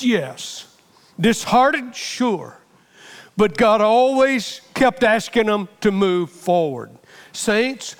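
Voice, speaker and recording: Middle-aged male pastor, high voice, impassioned sermon delivery, long church reverb. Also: smooth. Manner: impassioned, repeats phrases for emphasis.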